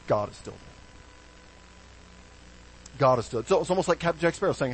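A man preaching a sermon as pastor, animated, with hushed low stresses and sudden bright emphasis. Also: a little fast, pauses often, breathy edge, poor audio.

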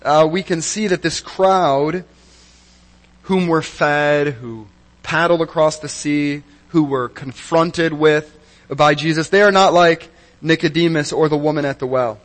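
Animated storytelling man preaching. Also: fairly high pitch, measured pace, rough recording. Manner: animated storyteller, wry and self-mocking. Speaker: pastor. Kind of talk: sermon with personal story.

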